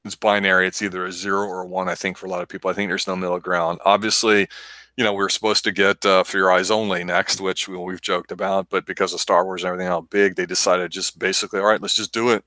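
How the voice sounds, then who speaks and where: A man co-hosting a casual film review chat, rambling with enthusiasm and slipping into quick impressions. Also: low-pitched, little pitch movement, pushed and bright, no echo. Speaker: movie review show co-host.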